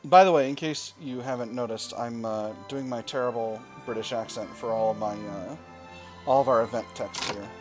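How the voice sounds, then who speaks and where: A man's voice: mid-range voice, moderate pace, over music. A man commenting on a strategy game he is playing, thinking aloud with dry, wry asides. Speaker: gaming video host.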